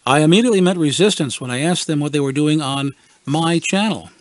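A man reading a wry first-person story from a script, in a dry, deadpan manner and briefly voicing the people he quotes. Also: fairly high pitch, brisk, dry recording. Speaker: radio essayist.

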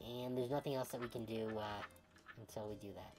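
A woman's voice: rumbling low, steady tone, brisk, over music. A woman streaming a game, chatting casually and playfully, joking and laughing often. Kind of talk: casual let's-play commentary.

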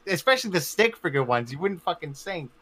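A man's voice: a little high, sing-song, brisk, sharp tone. A man chatting casually on a podcast, swearing constantly and rambling through memories. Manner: profane, rambling, frequent swearing.

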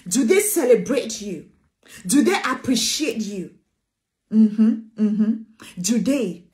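Woman preacher, high and insistent; emphatic sermon delivery with repeated lines. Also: very animated, a little slow. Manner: emphatic, repeats phrases, calls listeners sweetheart.

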